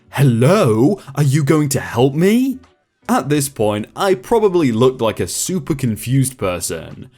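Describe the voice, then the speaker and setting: Male narrator, animated delivery, faint music bed, reads stories and acts out the dialogue. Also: mid-range voice. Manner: reads quoted lines in character, breaks off to react. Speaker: story narrator. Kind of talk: reading stories with comments.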